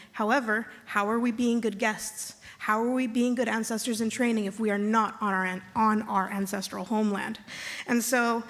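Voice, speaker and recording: A woman serving as tribal chairwoman, giving a measured, earnest land acknowledgement and calling on the audience to repeat words after her. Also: fairly high pitch. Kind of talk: ceremonial address to an audience. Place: conference hall.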